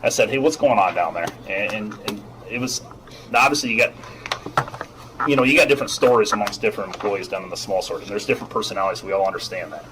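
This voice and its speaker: Low-voiced middle-aged man giving testimony. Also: noisy background. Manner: measured, explanatory, repeats himself. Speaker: HR manager testifying at a hearing. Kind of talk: formal testimony.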